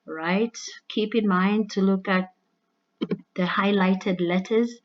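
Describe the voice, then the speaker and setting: A woman's voice: medium pitch, fairly even intonation, slow pace, muffled recording. A woman, an English teacher, giving a recorded lesson that explains figurative language in a loose, conversational way. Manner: conversational with frequent "all right" and "you know".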